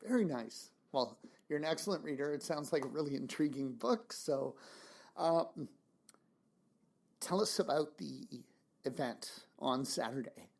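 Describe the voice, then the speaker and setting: A man's voice: a little high, lively intonation, unhurried, gravelly. A man interviewing an author, asking encouraging, friendly questions. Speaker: radio interviewer. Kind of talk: radio interview.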